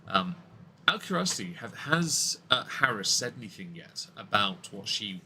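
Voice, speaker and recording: Blunt, bright-voiced man opining. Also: fairly low pitch, very animated, normal speed, a little hiss or hum. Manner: blunt, opinionated, frequent restarts. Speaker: podcast co-host. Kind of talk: casual political commentary.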